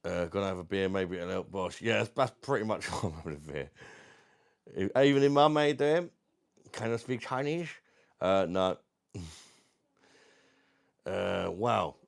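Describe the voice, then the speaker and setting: In a low, expressive, creaky voice, a South East London livestream host talks a little slowly and pauses often. Chatting casually at home in his London accent, he reads viewer comments and calls everyone mate.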